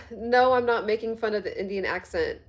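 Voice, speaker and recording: A woman's voice: medium pitch, moderate pace. A woman hosting a live stream on health and fitness, chatting casually and reading viewer comments aloud. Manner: chatty, laughs often, reads comments aloud.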